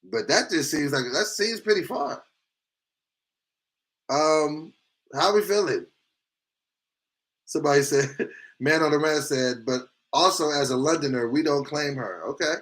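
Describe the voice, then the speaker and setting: A man hosting a casual live stream, reading viewer comments aloud with big reactions, swinging between loud exclamations and quiet asides. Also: on the high side, unhurried, pauses often. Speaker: livestream host reading chat comments.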